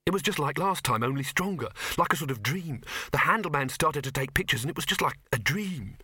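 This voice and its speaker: A man's voice: fairly high pitch, expressive, fairly quick, sharp tone, slightly rough, no room sound, pitched above the performer's own voice, exaggerated voice. A man doing a bewildered desperate young actor. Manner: urgent, desperate.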